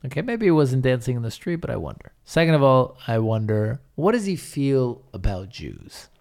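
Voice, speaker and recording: A man's voice: medium pitch, big pitch swings, normal speed, vocal fry, a little mellow. A man co-hosting a podcast in casual chat, blunt and emphatic, swearing freely. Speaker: podcast co-host.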